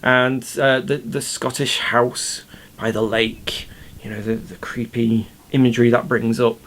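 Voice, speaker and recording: A man's voice: medium pitch, level tone, unhurried, fairly bright tone. A man who writes and runs the show, giving casual behind-the-scenes commentary. He explains his ideas with enthusiasm, often restarting mid-sentence.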